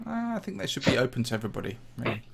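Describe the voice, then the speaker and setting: Racing along in a creaky, sing-song, mid-range voice over a noisy background, this Minecraft host chats casually. With a slightly posh English accent from the Midlands, he answers viewers' questions while touring a game map on a livestream.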